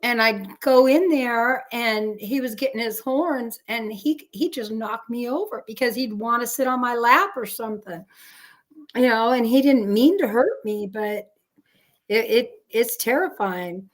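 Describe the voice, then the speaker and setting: A woman with a slightly raised pitch chats casually on a live stream. She chimes in often with short agreements and encouraging remarks. The sound comes through a video call. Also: unhurried. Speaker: co-host of a live chat stream. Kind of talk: casual chat.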